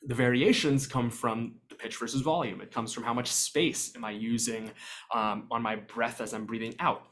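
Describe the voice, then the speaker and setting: A man's voice: mid-range voice, fairly even intonation, normal speed, a bit bright. Man explaining beatboxing technique casually. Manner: explanatory, conversational with frequent ums. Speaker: vocal percussion workshop presenter. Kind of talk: virtual workshop lecture. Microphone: video call.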